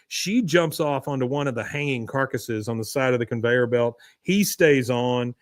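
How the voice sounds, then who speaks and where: A man's voice: mid-range voice, moderate pace, few pauses, no echo, clean studio sound. A man hosting a live podcast, casually recapping an episode in a rambling way with lots of fillers. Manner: rambling, filler-heavy storytelling. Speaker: podcast host.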